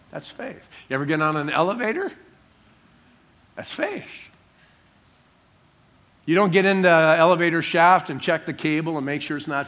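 A man's voice: mid-range voice, a bit bright. A man preaching a sermon in church, talking in a humorous, conversational way with everyday stories. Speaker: pastor.

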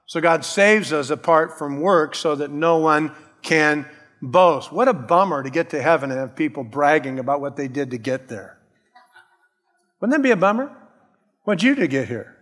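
A man delivers a sermon with an insistent, emphatic preaching style. His voice sits a little higher than most men's. The sound carries the long reverb of a large church hall. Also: animated, moderate pace, a bit bright. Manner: emphatic preaching, calls out "Amen?", acts out quoted voices. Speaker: pastor.

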